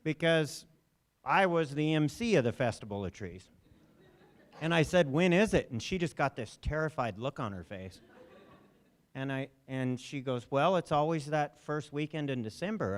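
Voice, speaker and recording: A man emceeing a memorial service in a lecture hall, speaking into a handheld microphone and telling anecdotes, briefly mimicking voices in his quotes. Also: fairly high pitch. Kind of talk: speaking to a gathering.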